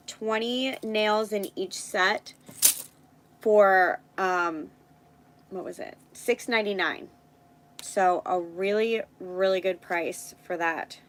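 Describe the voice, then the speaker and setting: A woman's voice: medium pitch, fairly bright tone, rough recording. A woman hosting a casual live stream, thinking aloud as she works and chatting with viewers. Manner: thinks aloud while working, chats with viewers.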